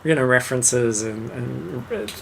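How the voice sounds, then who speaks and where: A man co-hosting a podcast, reviewing films in a relaxed, rambling way with many fillers. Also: medium pitch, unhurried, creaky, slight background noise. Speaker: podcast co-host. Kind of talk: casual film review chat.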